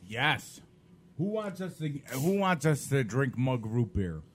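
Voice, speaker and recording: A man co-hosting a podcast, chatting casually with slow, laughing asides while eating. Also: medium pitch, big pitch swings. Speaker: podcast co-host. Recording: background noise.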